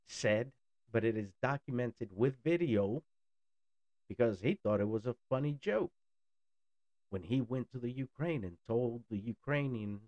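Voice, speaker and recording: A man's voice: mid-range voice, lively intonation, normal speed, a little mellow, no echo, lo-fi sound. A man in a blunt, sarcastic ranting monologue who swears freely. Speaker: political commentator.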